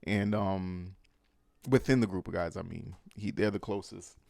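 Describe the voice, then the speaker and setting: Dude breaking down a movie, super casual and slangy, lots of likes and you knows, dry close sound. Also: male voice, deep voice, measured pace, creaky, no room sound. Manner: animated, slangy, full of fillers. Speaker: movie recap host.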